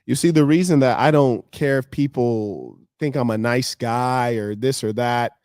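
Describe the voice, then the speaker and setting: A man's voice: medium pitch, unhurried, darkish tone, dry recording, studio quality. An American man streaming live, lecturing his viewers in a confrontational monologue. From United States.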